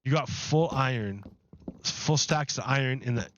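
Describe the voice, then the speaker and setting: A man's voice: medium pitch, unhurried, dull audio, a little hiss or hum. A man chatting casually while livestreaming a game from his apartment, rambling and loose with his words. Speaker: game streamer. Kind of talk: casual live-stream chat. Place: home apartment.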